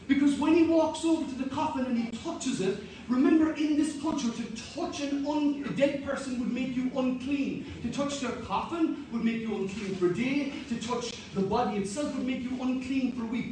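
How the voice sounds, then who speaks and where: Delivering a sermon, a man with a very high-pitched yet darkish-toned voice speaks earnestly and repetitively, working up to emphatic moments. The room is an echoey hall, the mic set at a distance, with a little hiss or hum.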